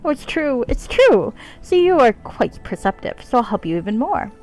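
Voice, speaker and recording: A woman's voice: fairly high pitch, very animated, normal speed, a little mellow, soft background music, voice pushed up. A woman voicing a vain young sorceress who keeps praising her own beauty. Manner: preening, self-admiring.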